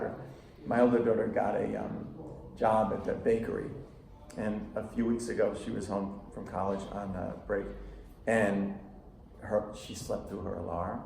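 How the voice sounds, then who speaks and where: A middle-aged man, a psychotherapist, giving a casual workshop talk to parents, telling animated anecdotes and acting out quoted lines. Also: fairly low pitch, normal speed, creaky. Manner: anecdotal, animated storytelling with acted-out quotes and laughter. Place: school room with audience. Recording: echoey room recording.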